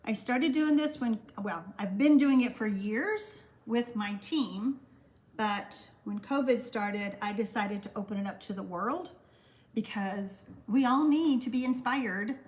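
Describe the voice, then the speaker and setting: An older woman with a Texan accent leads a live-streamed card-making class and chats easily between the steps. Her voice sits a little high for a woman. She reads out viewers' comments and answers each one directly. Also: unhurried. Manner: chatty, reads viewer comments aloud and answers them warmly.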